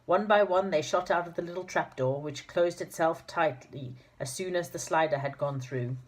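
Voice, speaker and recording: A woman's voice: on the low side, normal speed. A woman reading a children's storybook aloud in an informal manner, with fillers and restarts. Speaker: narrator.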